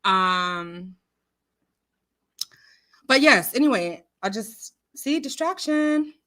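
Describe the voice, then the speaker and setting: A woman's voice: fairly high pitch, lively intonation, drawn-out words, sharp tone. A woman hosting a casual livestream, reading viewer comments aloud in a chatty, giggly, rambling way with lots of fillers. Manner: talks with her hands. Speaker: livestream host.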